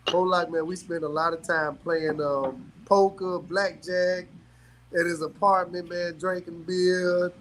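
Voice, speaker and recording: A middle-aged man tells long stories as a guest, animated and quick to laugh. His voice sits a little high for a man, and he keeps dropping in a casual "man" as he talks. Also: slight background noise, low-quality recording. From South Carolina, US. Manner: animated, laughs often, peppers talk with "man". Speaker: guest, former pro athlete. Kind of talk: casual storytelling.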